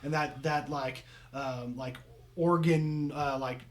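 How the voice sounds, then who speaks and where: A man's voice: fairly high pitch, steady tone, slow. A young man narrating as game master of a tabletop game, rambling with many fillers and restarts.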